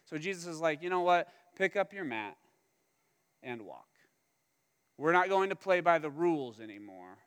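A man's voice: fairly high pitch, moderate pace, pauses often, clear, resonant tone. A man preaching a sermon, telling the story with humor and acting out the characters' lines. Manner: animated, humorous storytelling with acted-out quotes. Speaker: pastor. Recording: long hall reverb.

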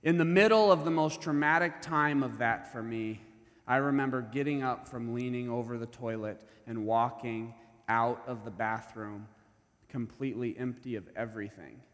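A man preaching, telling a personal story in a sermon; his intense delivery swings from hushed to loud. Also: mid-range voice, normal speed. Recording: long reverb of a large hall.

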